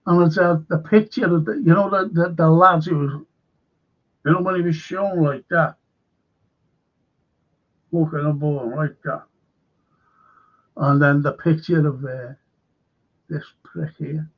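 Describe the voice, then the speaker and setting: A man's voice: on the high side, fairly even intonation, unhurried, long pauses, dull audio. A man hosting a stream, rambling and indignant with heavy swearing. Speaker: host.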